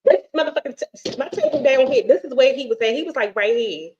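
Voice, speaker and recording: A middle-aged woman hosting a casual chat, telling a story in an animated, profane way and acting out the dialogue. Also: sits high, fast, background noise. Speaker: host. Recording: dull lo-fi stream audio.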